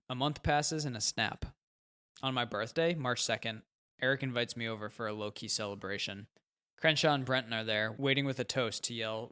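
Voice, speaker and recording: A man narrating a first-person novel in a plain, conversational manner. His voice sits at a middling pitch and stays even. An audiobook reading. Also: normal speed.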